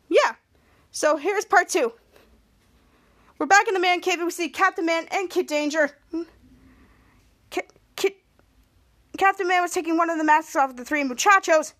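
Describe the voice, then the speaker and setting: Podcast host, woman, very high voice, rambling casual recap. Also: fairly bright tone. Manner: rambling, with frequent restarts.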